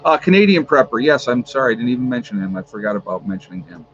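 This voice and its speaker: A man hosts a relaxed livestream from his home, rambling between shout-outs and reading off a long list of viewers' locations. His voice sits at a middling pitch. The audio is a bit dull, with a faint hiss underneath. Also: fast talker. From New York. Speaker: livestream host. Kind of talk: casual livestream chat. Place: at home with a fan running.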